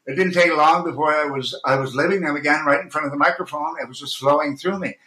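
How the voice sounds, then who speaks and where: A man's voice: fairly high pitch, fast, bright, forceful tone. Intense, earnest man in an echoey room. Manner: intense, earnest, with many restarts. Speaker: actor and audiobook narrator, guest. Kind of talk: reflective interview talk.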